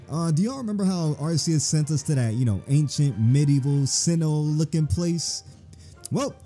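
A man hosting a gaming channel, playing through a fan game with excitable, joking and profane banter. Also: a little high. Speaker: YouTube gaming host. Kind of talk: casual let's-play commentary.

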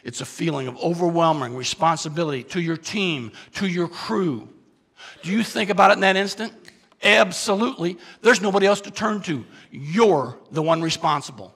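A man with a bright, forceful, slightly high voice gives a keynote talk as dramatic storytelling. He speaks straight to the audience with questions and swings from loud urgent bursts to hushed confessions. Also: moderate pace, husky, in a large hall. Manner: asks the audience questions directly.

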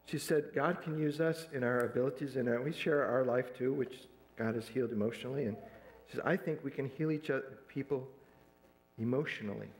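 A man's voice: mid-range voice, a little fast. Man preaching in a roomy church. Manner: retells a counseling story, acting out quoted dialogue. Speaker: pastor. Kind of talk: sermon storytelling. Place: church sanctuary.

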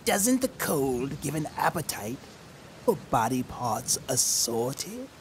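A man doing a greedy monster bus driver from a storybook, hissing softly and slowly. The pitch rolls up and down, with a faint hum of noise behind. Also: very animated. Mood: menacing. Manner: hissing, low and soft. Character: hungry monstrous bus driver, male, sinister.

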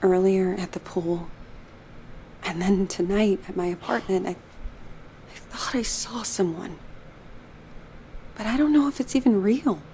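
A woman's voice: medium pitch, a little hiss or hum, close to an everyday voice. A woman playing a haunted, guarded young woman. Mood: uneasy. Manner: guarded, tense, quick to shout. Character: troubled young woman, haunted by her past. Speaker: main character. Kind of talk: video game voice acting.

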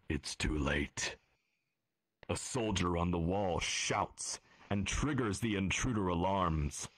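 A man's voice: deep voice, takes it slowly, a bit bright, no room sound. A man narrating a role-play story as game master, in a solemn, dramatic storytelling manner.

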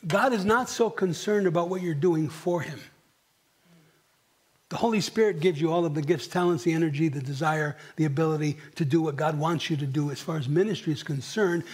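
A middle-aged male pastor preaching a sermon, swinging from near whispers to emphatic questions and clearing his throat often. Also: on the high side, fairly quick, a little mellow. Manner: dramatic, dropping to near whispers and rising for emphasis; asks the congregation rhetorical questions. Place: church.

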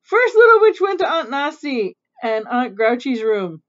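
A chatty woman reads a children's picture book aloud, breaking off now and then to explain things in a relaxed, informal way. Her voice sits a little on the high side. The recording is dull and lo-fi. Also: a little slow. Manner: chatty, stops to explain and laugh. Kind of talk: casual read-aloud storytelling.

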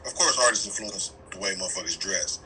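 On a radio show, a middle-aged man with a deep voice talks fast, swearing freely and laughing often as he tells stories. The chat is casual and animated. The recording is rough, with a little hiss or hum.

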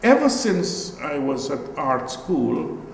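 A man's voice: a little high, very animated, slow pace, creaky, echoey room, long reverb tail, a little hiss or hum, low-quality recording. An older man with a Guyanese accent, an artist giving a reflective, storytelling talk about his work in a gallery. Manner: reflective, storytelling, trailing asides.

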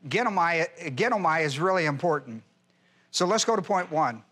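A man's voice: fairly high pitch, animated, moderate pace, pushed and bright, breathy edge. A male pastor teaching a Bible class verse by verse, emphatic, repeating key phrases and quizzing his listeners.

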